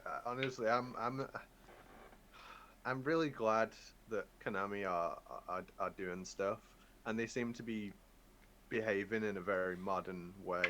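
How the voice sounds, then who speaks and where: A man's voice: lowish voice, unhurried, a bit bright, a little hiss or hum. A man co-hosting a podcast, chatting casually with dry jokes and stammered restarts. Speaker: podcast co-host. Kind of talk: casual chat.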